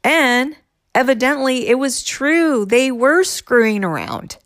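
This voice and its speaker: A woman's voice: sits high, animated, slow pace, fairly bright tone, dry recording, clean studio sound. A middle-aged woman telling the story of her ex-husband's affairs in a candid, exasperated way, acting out what people said to her. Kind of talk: casual personal storytelling.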